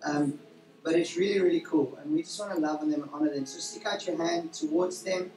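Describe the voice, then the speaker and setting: Male pastor leading a service, rambling and full of fillers, mid-pitched voice, heard from a distance in an echoey hall. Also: fairly even intonation, a little fast. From South Africa. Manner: warm, rambling, with frequent fillers and self-corrections. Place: church hall during a service. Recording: roomy church hall from a distance, faint music.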